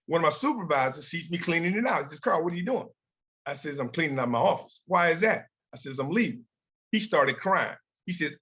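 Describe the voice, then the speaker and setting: Older man, somewhat high-pitched voice, storytelling speaker style, voices quoted dialogue. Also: lively intonation, brisk, fairly bright tone. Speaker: guest speaker. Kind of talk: motivational talk with slides.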